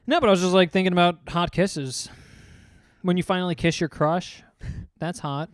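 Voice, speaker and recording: A young man co-hosts a casual podcast, his voice sitting a little high for a man. He is animated, laughs a lot and acts out quoted reactions. The sound is close and dry. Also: normal speed, no room sound. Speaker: podcast co-host. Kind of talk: casual chat.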